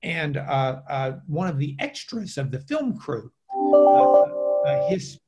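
A trial lawyer in an interview, a man telling anecdotes with lively energy and plenty of restarts. His voice sits a little on the higher side for a man. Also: slow pace, muffled recording, over loud music. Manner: animated anecdotes with many fillers and restarts. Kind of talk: casual storytelling interview.

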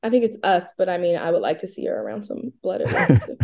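A woman's voice: lowish voice, quick pace, gravelly. A woman in her thirties co-hosting a casual chat show, telling rambling stories and acting out what people said. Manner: rambling storyteller, animated quoting. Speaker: co-host.

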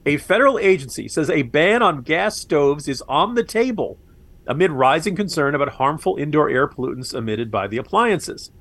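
A man's voice: a little high, normal speed. A man co-hosting a political podcast, talking casually and sarcastically with frequent laughs. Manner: animated, sarcastic, laughs often. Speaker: podcast co-host.

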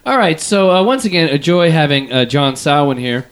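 A man's voice: a little high, sing-song, moderate pace, a little hiss or hum. A man in his thirties hosting a comedy podcast, joking and laughing as he talks. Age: 30s. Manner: joking, laughs while talking. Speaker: podcast host. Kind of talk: casual comedy podcast banter.

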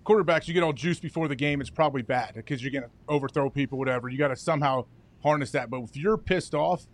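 A man co-hosting a sports talk show who explains his points in a relaxed way, with plenty of fillers. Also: mid-range voice, quick pace. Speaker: co-host, former football player.

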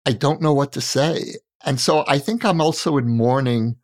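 A man in his sixties, talking in an earnest, searching and measured way as a podcast co-host in a reflective conversation. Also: mid-range voice, a little mellow. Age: 60s. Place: Israel.

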